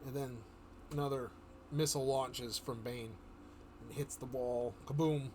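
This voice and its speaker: A man casually reading a comic story aloud to a live stream, with relaxed, chuckling asides. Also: medium pitch, a little slow, slight background noise. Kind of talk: casual read-aloud narration.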